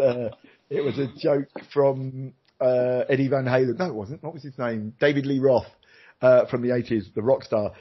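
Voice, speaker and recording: A man, a former radio DJ, telling stories in a lively, self-mocking way on a podcast. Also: mid-range voice, husky. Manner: animated, jokey, self-mocking, acts out voices. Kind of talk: casual storytelling chat. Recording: dull lo-fi podcast audio.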